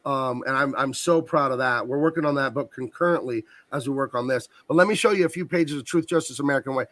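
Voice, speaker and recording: A man's voice: mid-range voice, fast talker, fairly bright tone, dry recording. A man who colors comics, talking enthusiastically and at length about his work as a guest on a video call. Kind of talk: casual interview chat.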